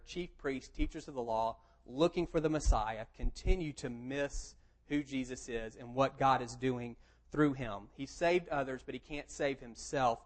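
A man's voice: medium pitch, low-quality recording. Man preaching through a scripture passage. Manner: reads scripture aloud, then explains it in a plain conversational tone. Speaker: pastor. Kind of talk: sermon.

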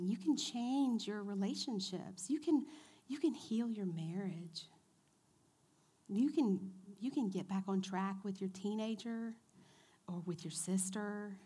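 A woman in her forties giving a church teaching talk to a women's group, chatty and animated, asking her audience questions. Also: mid-range voice. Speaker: women's ministry speaker.

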